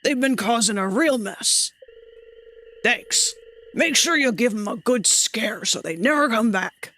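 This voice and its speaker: A woman putting on a grumpy old man's voice while reading a game cutscene aloud, with a gruff, grumbling manner. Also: on the high side, lively intonation, a little slow, a bit bright, pitched above the performer's own voice. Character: grumpy old man neighbor.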